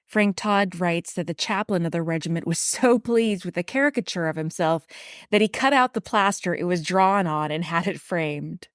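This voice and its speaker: A woman with a fairly low voice narrates a true crime history podcast from a prepared script. She slips in casual asides and the odd stumble. The sound is close and dry, with no room behind it. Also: normal speed, smooth, no echo. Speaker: podcast host.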